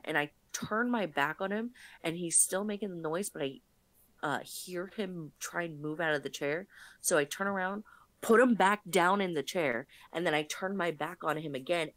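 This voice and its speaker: A woman telling a casual story on a stream, animated and profane, stumbling over restarts. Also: sits low, dry recording.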